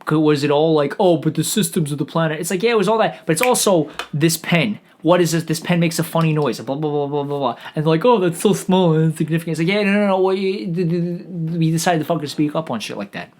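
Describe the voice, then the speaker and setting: A man's voice: fairly high pitch, quick pace, hardly any pauses. A man hosting a comedy podcast, delivering a sarcastic, profane rant that rambles along with frequent stammered restarts.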